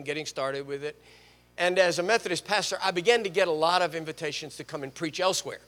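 A man's voice: a little high, big-room sound. An older man preaching a sermon in a church, telling stories and joking with the congregation. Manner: storytelling, animated, jokes with the congregation. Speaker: guest preacher. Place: church sanctuary.

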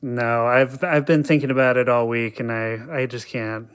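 Man, podcast guest, easygoing measured replies, smooth clear voice. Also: mid-range voice, steady tone. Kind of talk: casual podcast chat.

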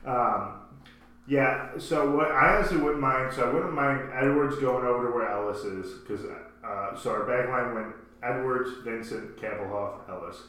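A man's voice: mid-range voice, normal speed, sharp tone, far from the mic. A man co-hosting a podcast, chatting casually about his soccer team, rambling and correcting himself as he goes. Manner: rambling, self-correcting, laughs often. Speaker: podcast co-host. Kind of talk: casual sports chat. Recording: echoey room, off-mic, faint hum.

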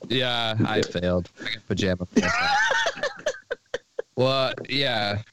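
A man's voice: mid-range voice, wildly swooping pitch, takes it slowly, very noisy. A man chatting on a casual podcast, joking and self-mocking in a laid-back way. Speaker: podcast co-host. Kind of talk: casual chat.

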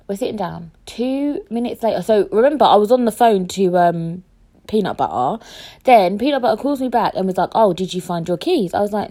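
A young woman telling a casual story, animated and sweary, acting out what people said. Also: medium pitch.

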